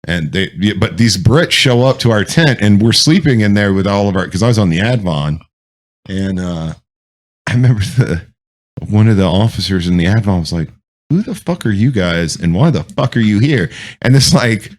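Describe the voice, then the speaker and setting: A man's voice: fairly low pitch, lively intonation, moderate pace. A man, a military veteran, telling rambling, profane anecdotes in casual chat. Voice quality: swears freely, rambling anecdotes.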